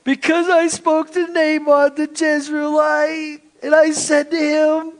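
A man's voice: extremely high pitch, completely flat delivery, takes it slowly, pitched above the performer's own voice. A man playing a sulky, whining king with a crying, sobbing delivery during a sermon. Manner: whiny and sobbing.

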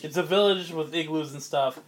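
A man's voice: a little high, brisk. A man narrating as game master of a comedic tabletop game, loose and laughing, with lots of fillers.

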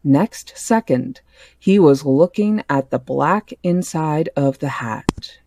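A book club podcast host reads a novel aloud, plain and measured. The pitch sits in the middle range. The recording is dry and close, with no room echo. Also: animated, warm tone. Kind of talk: reading aloud a novel, casual.

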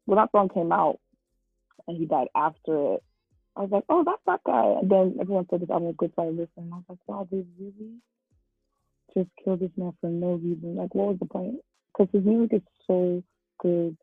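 A woman's voice: fairly low pitch, fairly even intonation, a little fast, creaky, husky, no echo, phone-quality sound, faint music behind. A woman co-hosting a podcast, chatting casually in a rambling, joking way. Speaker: podcast co-host. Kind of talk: casual chat.

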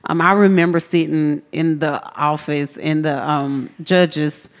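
A woman with a drawl recounts her own story as a podcast guest, her voice sitting a little low. She tells it earnestly and slips into the voices of the people she quotes. A long reverb trails behind her words. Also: steady tone, a little slow. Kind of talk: personal testimony in a podcast interview.

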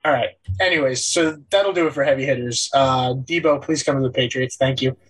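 A man's voice: medium pitch, a little fast, a bit bright, husky, low-quality recording. A young man hosting a casual sports podcast, teasing and sarcastic with his co-hosts. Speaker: podcast host.

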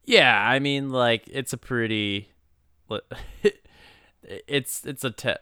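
Giggly man with a crisp, dry voice. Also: medium pitch, takes it slowly, sharp tone, no echo. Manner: laughs often, rambling, loose. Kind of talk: casual comedic chat.

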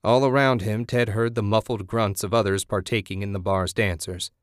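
A man narrating an audiobook in a steady, measured way. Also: lowish voice, no echo, studio quality.

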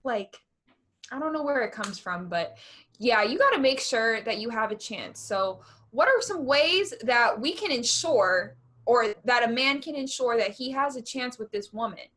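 A woman's voice: fairly high pitch, animated, normal speed, fairly bright tone. Blunt, playful young woman co-host. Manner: blunt, playful, chimes in with quips. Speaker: podcast co-host. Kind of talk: casual podcast chat.

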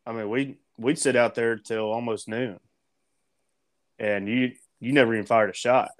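A man's voice: mid-range voice, fairly even intonation, normal speed. A man hosting a casual podcast chat, easygoing and asking his guest questions.

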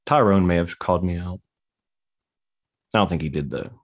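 Man, podcast co-host, lower voice, dry laid-back joking, casual chat. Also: normal speed, lo-fi sound.

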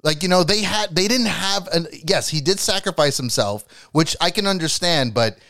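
A man with a fairly high, lively voice rants on a podcast, swearing freely and dropping into hushed voices to act out lines. He is recorded dry and close, with no room sound. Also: normal speed, no echo. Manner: animated ranting, swearing, acting out lines in a hushed voice. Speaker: podcast panelist. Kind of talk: casual chat.

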